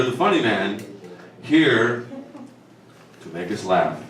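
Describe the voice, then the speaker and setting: A man's voice: lowish voice, big pitch swings, takes it slowly, pauses often, a bit bright. A man hosting an open mic night in a small cafe, delivering playful, mock-grandiose emcee banter. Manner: theatrical, mock-grandiose pronouncements. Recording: roomy, distant mic, background noise.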